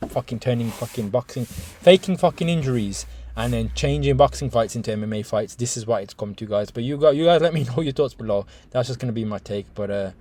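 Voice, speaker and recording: A man talks straight to camera in a loose, profane reaction video. He keeps restarting his sentences and calling out to "guys", and his pitch sits at an ordinary middle range for a man. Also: fairly quick, darkish tone. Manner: heavy swearing, rambling with restarts, talks to viewers as guys. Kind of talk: casual reaction commentary.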